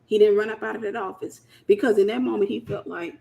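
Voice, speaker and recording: A woman's voice: medium pitch, fairly even intonation, fast talker, creaky, dark tone. A woman from the United States hosting a casual Christian teaching talk, speaking in an emphatic, colloquial way and repeating her key phrases. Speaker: host.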